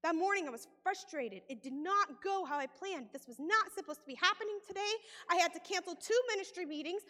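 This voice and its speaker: A woman telling a deeply emotional personal testimony, pausing often, her voice breaking with feeling. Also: animated, sharp tone, in a large hall. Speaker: speaker sharing a personal testimony.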